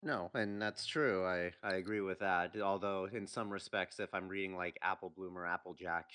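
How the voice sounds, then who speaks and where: A man's voice: deep voice, fairly even intonation, normal speed, sharp tone. A man hosting a casual podcast chat, easygoing, stammering and repeating words now and then. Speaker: podcast host.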